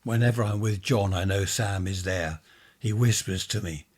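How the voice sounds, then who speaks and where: A man's voice: lowish voice, normal speed, a little mellow, breathy edge. A man reading a ghost story, voicing a frightened, tearful young woman who pleads through sobs. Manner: sobbing, pleading. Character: frightened teenage girl, tearful and desperate.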